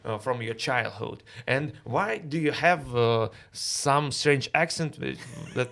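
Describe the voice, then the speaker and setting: A man whose first language is Russian, hosting a casual interview in English and pausing often to search for words. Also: medium pitch, expressive, creaky, fairly bright tone. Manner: halting, searching for words with many fillers. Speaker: interview host.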